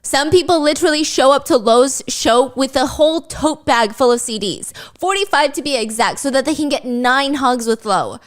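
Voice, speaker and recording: Brief: female host, slightly higher voice, playful comedic storyteller with giggly asides. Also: moderate pace, few pauses. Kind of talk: comedic true crime storytelling.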